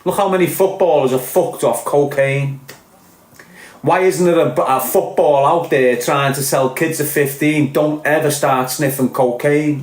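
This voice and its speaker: A man's voice: mid-range voice, steady tone, a little slow. Impassioned Liverpool man in echoey room. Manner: impassioned, blunt, sweary. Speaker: podcast host. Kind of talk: ranting podcast monologue.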